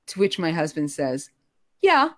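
Middle-aged woman, low-pitched, lively storyteller, dry close sound. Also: measured pace, dry recording. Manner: animated, expressive, rising pitch when emotional. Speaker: guest telling her story. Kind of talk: conversational storytelling.

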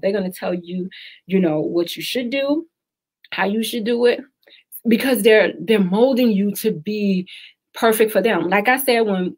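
A woman's voice: medium pitch, husky. A woman hosting a live radio talk show, speaking candidly and emphatically, repeating her advice for stress.

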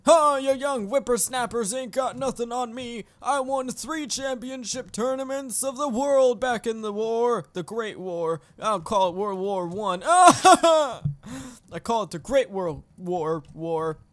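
A woman's voice: fairly high pitch, a little slow, natural voice. A woman voicing a boastful old male war veteran who rambles and brags about his past. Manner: bragging, rambling, cranky.

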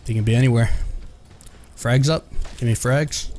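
A young man giving live, excitable and profane commentary while he plays a shooter game, trash-talking the enemy players. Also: mid-range voice, normal speed, a little hiss or hum. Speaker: gameplay commentator.

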